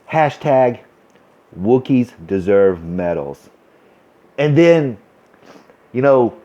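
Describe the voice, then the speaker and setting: A man ranting in a vlog, thick with sarcasm and exaggerated mock excitement. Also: mid-range voice, lo-fi sound. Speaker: vlogger. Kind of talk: sarcastic rant.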